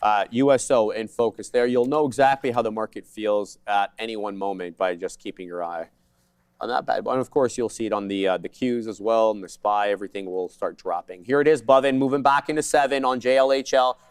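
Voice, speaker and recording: A man co-hosting a live day trading show, calling trades in quick jargon with joking asides. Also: fairly low pitch, steady tone, clean tone, no room sound.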